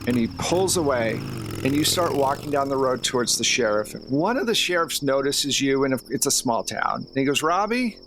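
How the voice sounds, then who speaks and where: A man narrating a tabletop role-play as game master. He talks in a relaxed, conversational way, at an ordinary middle pitch. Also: normal speed, noisy background.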